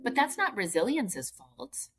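A woman's voice: fairly high pitch, sing-song, a little slow, fairly bright tone, soft background music. A woman guest author from Philadelphia talking about resilience in casual interview chat, earnest and explaining with frequent "right?" and "like".

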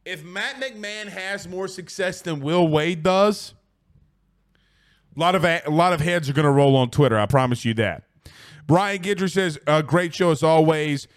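A man hosting a casual sports show, reading out listener comments, excitable with frequent laughs and rambling restarts. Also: on the high side, moderate pace.

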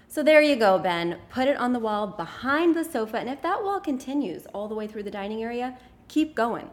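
A woman hosting an interior design podcast, giving casual advice in a chatty, playful and emphatic way. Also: on the high side. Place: office.

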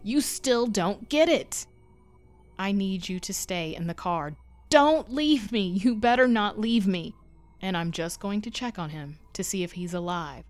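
A woman's voice: fairly low pitch, moderate pace, few pauses, dry recording, faint music behind, lightly acted. A woman voicing a frightened young boy, whimpering and pleading in a storybook reading. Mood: panicked.

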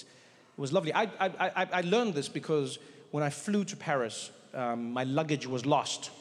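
A man doing stand-up comedy on a theater stage, telling a story with animated delivery and acting out characters. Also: medium pitch. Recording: live hall reverb, faint ambience.

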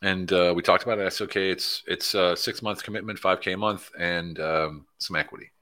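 A man from Pennsylvania, a guest in a casual interview, telling animated stories and acting out the dialogue of people he met. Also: deep voice, brisk. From Pennsylvania, USA.

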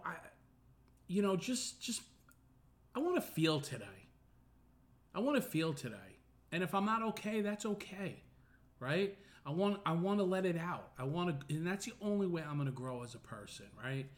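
A man's voice: fairly high pitch, moderate pace. A middle-aged man hosting a podcast, talking earnestly in a casual personal monologue full of fillers and restarts. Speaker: podcast host.

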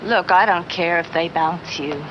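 A woman's voice: on the low side, measured pace, lightly acted. An actress playing a furious, bitter ex-wife who scolds and threatens as she demands her money. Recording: dull old film soundtrack with faint hiss.

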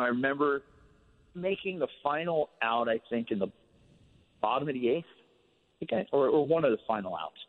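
A former ballplayer on a radio interview, telling a long story in a relaxed, rambling way full of fillers. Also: male voice, fairly low pitch, long reverb tail. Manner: relaxed, rambling, many fillers like "you know". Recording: phone-line sound on radio.

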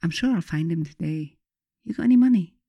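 A woman's voice: fairly low pitch, expressive, a little fast, vocal fry, breathy edge, no echo, highs cut off, heavily acted. A woman reading the part of a frail, streetwise teenage girl with a Scottish accent, speaking in jerky, blunt phrases. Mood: breezy.

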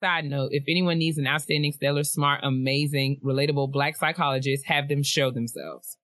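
Young woman co-host, playful and animated, bright voice, dry close mic. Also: low-pitched, brisk, no echo. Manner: animated, laughing often, playful asides. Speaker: podcast co-host. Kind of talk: casual chat reading listener emails.

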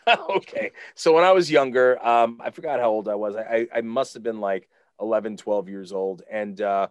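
A man's voice: lowish voice, moderate pace, clean tone, no room sound. A man, a podcast guest, telling a casual story full of fillers and restarts. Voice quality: rambling with many fillers.

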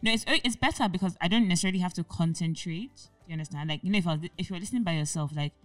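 A woman's voice: on the low side, racing, no room sound, far from the mic, soft background music. Chatty young woman co-hosting a podcast. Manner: chatty, upbeat, lots of "like" fillers. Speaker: podcast co-host. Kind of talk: casual chat.

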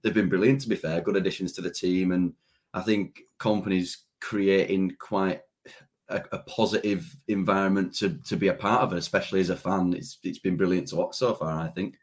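Deep-voiced man chatting about football. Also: fairly even intonation, a little fast, husky. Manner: easygoing, hedging with "you know" and "to be fair". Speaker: podcast co-host. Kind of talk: casual football podcast chat.

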